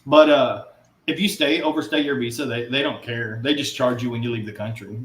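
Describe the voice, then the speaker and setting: A man's voice: mid-range voice, fairly quick, fairly bright tone. A man talking as a podcast guest, telling blunt, rambling anecdotes in casual chat. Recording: roomy echo.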